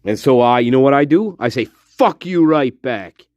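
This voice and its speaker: A man's voice: medium pitch, moderate pace, darkish tone, no room sound. A man hosting a casual livestream, talking to his viewers in a profane, emphatic pep talk. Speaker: livestream host.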